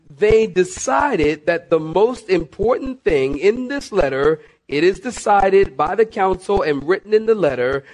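A middle-aged male pastor preaches with an emphatic, pressing delivery. He keeps calling on his listeners and swings between quick runs and slow, stressed words. His voice sits fairly high for a man. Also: darkish tone. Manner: emphatic, repeats "listen" and "saints", varies pace sharply. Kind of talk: sermon.

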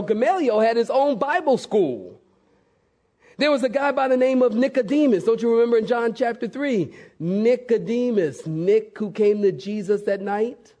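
Animated high-voiced male preacher. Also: moderate pace. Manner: animated, acts out quotes with big pitch swings. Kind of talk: sermon.

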